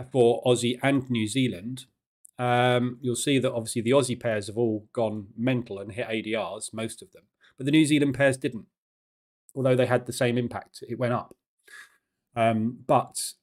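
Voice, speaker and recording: A man hosting a live trading session, greeting viewers and explaining market news in a casual, halting way with many fillers. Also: medium pitch, darkish tone. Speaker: trading room host.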